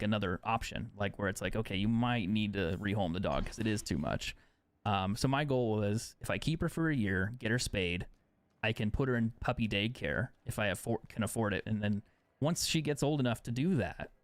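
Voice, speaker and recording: A man's voice: fairly low pitch, no room sound. A young man streaming a game live, chatting casually and sarcastically, swearing freely. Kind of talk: casual chat while gaming live.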